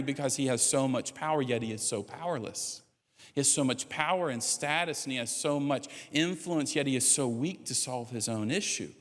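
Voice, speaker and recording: A man's voice: medium pitch, a bit bright, big-room sound. A man preaching a sermon in a conversational, joking storytelling manner, with playful asides. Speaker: pastor.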